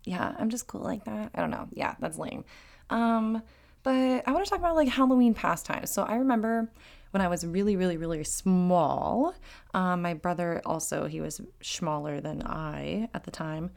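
A woman hosting a podcast on her own, chatting casually and giggling between rambling thoughts. Her low-set voice carries a gravelly fry, and she pokes fun at herself as she goes. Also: expressive, moderate pace, a little mellow. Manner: giggly and rambling, laughs often; self-deprecating humor. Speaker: podcast host. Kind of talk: casual solo podcast chat.

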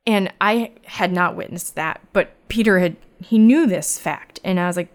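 A woman with a slightly low voice tells a personal story in conversation. She speaks candidly and reflectively, often halting and restarting her words.

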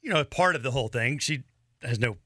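A man's voice: mid-range voice, animated, brisk, sharp tone, dry recording, clean studio sound. A man co-hosting a podcast in casual chat, who often acts out the voices of the people in his stories. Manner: chatty, acts out quoted voices. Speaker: podcast co-host.

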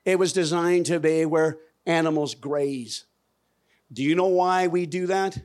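A man with a slightly higher-than-average voice speaks from a conference stage into a microphone. He talks in a folksy, emphatic way and keeps putting questions to the audience. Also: unhurried, darkish tone. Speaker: conference speaker on regenerative farming. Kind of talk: lively stage presentation.

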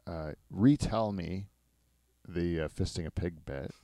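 A man hosting a podcast in casual, rambling chat, self-mocking and quick to laugh. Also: low-pitched, dark tone, dry recording, clean studio sound. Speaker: podcast host.

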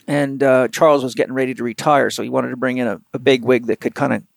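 A man who works as a physical therapist telling a long, animated anecdote in an interview, rambling with lots of fillers. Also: medium pitch, fast talker, creaky, no room sound. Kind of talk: storytelling in an interview.

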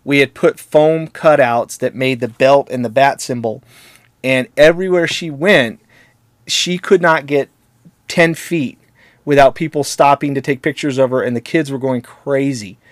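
A man of middle pitch swaps stories in an easygoing chat, wandering off on tangents and cracking small jokes. His voice sounds close and dry, with no room around it. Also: a little slow, no echo. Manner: jokey, rambling, laughs at his own stories. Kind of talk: casual conversational storytelling.

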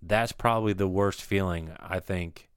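Male podcast co-host, very low voice, dry close sound, relaxed and casual. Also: a little slow, clear, resonant tone, dry recording. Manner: relaxed, reacts with short agreements. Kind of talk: casual chat.

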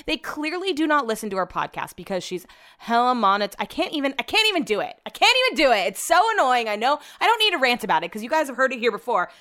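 A woman's voice: on the high side, sharp tone. A young woman hosting a casual chat, ranting and swearing freely. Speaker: podcast host.

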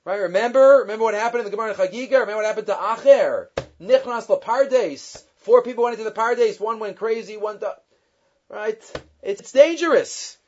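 A man with a notably high voice gives a Torah class, rattling off Hebrew quotations and then breaking them down in animated English. His delivery speeds up and leans on emphasis. The recording sounds somewhat dull and lo-fi. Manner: quick, animated, mixing Hebrew quotes with English explanation. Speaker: Torah teacher.

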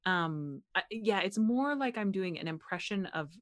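A young American woman from Pennsylvania, a voice actor chatting as an interview guest, animated and quick to laugh. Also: mid-range voice. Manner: animated, laughs often, frequent "like" fillers. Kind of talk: casual interview chat.

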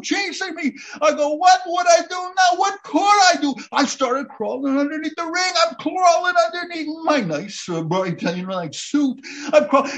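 Guy with a super high voice telling a wild story, gets loud and worked up. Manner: builds to excited shouting at the climax. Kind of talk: animated anecdote telling.

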